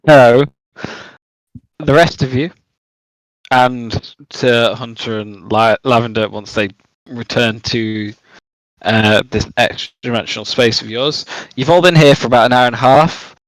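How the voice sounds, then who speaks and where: A man's voice: medium pitch, unhurried, no echo, rough recording. A man running a tabletop game, talking casually with many fillers. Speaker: game master.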